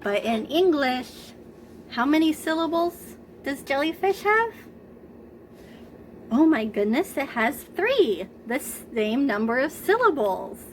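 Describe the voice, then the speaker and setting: A woman teaching a preschool lesson to children, speaking slowly with exaggerated enthusiasm. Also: high-pitched, very animated, a little hiss or hum.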